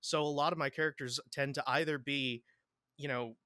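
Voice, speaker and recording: A bright, forward-sounding man talks as a podcast guest. He rambles, restarts and repeats words, laughing often. The sound is dry and close. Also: mid-range voice, fairly even intonation, moderate pace, no echo. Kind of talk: casual interview chat.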